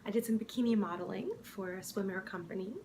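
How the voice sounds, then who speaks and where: A woman telling the story of how she became an actress in an improv comedy mockumentary, wistful and dramatic with soft, hushed asides. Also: medium pitch, fairly even intonation, fast, background noise.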